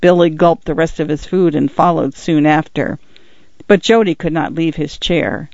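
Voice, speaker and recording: A man's voice: a little high, moderate pace, vocal fry, a little mellow, dry recording. Man narrating an audiobook, dry and muffled. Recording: dull, lo-fi dry recording.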